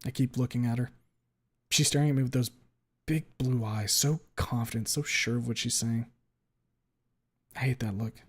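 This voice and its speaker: A man with a voice of middling pitch reads a first-person story on his stream. He narrates in a hushed, controlled tone that keeps slipping into clipped, cursing anger. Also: fairly even intonation, normal speed, pauses often. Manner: hushed, then swearing and tightly angry. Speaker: streamer reading a story aloud.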